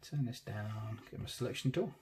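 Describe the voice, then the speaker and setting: A man, casually talking through a digital tattoo drawing in real time, thinking aloud and trailing off softly. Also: fairly low pitch, normal speed, a little hiss or hum.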